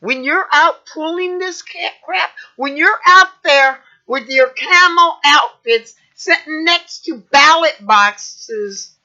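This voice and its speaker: A woman vlogger delivering an angry, indignant rant full of swearing, shouting at times. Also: high voice, slow, hardly any pauses. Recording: dull lo-fi recording.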